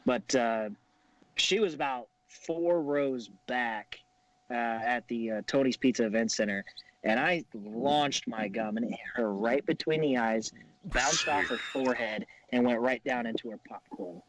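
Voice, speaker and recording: A man's voice: medium pitch, measured pace. Male wrestler guest from Kansas, easygoing storyteller, slight noise on the line. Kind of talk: casual storytelling chat. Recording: faint background noise.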